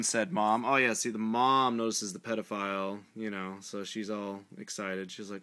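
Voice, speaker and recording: Mocking male vlogger, lowish bright voice, crude sarcastic read-aloud commentary. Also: steady tone, moderate pace, hardly any pauses, clear, resonant tone.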